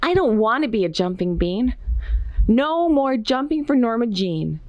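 A woman voicing an eager little girl who loves jumping, in a high exclaiming voice for a storybook reading. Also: sing-song, unhurried, no room sound, lo-fi sound. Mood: stubborn.

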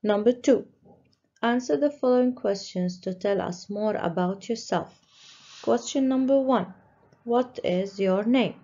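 A woman teacher slowly walking young pupils through a worksheet, patiently stressing each word. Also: fairly high pitch, warm tone. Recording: dull lo-fi recording.

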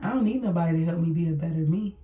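A woman's voice: lowish voice, racing, narrow, tinny audio. A woman hosting a podcast, talking bluntly in a casual motivational monologue, repeating her points and swearing freely. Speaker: podcast host. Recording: echoey room, voice far from mic.

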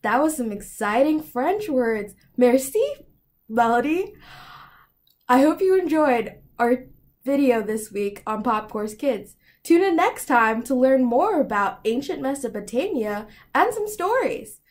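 A woman's voice: high-pitched, sing-song, unhurried. A woman hosting a children's educational show, cheerful and playful as she introduces segments. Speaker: host.

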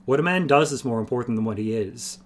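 A man reading aloud and voicing an earnest young man raised on a farm, talking in a flat, matter-of-fact way, a little higher than his own voice. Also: quick pace, a little hiss or hum, close to an everyday voice. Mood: plain-spoken.

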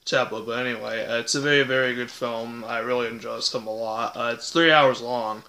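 Rambling young man with a bright tone. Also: mid-range voice, fairly even intonation, a little fast, a little hiss or hum. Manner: rambling with many fillers and restarts. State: hiccups. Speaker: vlogger reviewing a film. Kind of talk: casual unscripted review. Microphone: tablet or phone.

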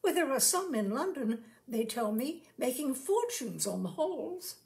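Give me a bashful young showman with folksy country phrases, read by a woman, slow-paced. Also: sits high, big pitch swings, creaky, darkish tone, full character voice. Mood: shy. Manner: rustic folksy speech. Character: shy polite young male traveling showman.

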